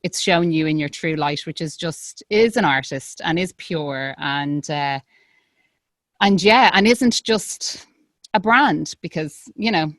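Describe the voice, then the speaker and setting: A woman's voice: deep voice, lively intonation, takes it slowly, no room sound. An Irish woman hosting a podcast interview, chatty and gushing, laughing often. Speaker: podcast host. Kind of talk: casual interview chat.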